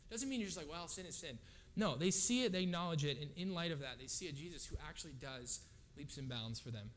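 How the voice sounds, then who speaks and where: A man's voice: a little high, lively intonation, fast. A man preaching a sermon in a casual, conversational way, often checking in with the audience. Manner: casual, conversational, frequent "right?" asides.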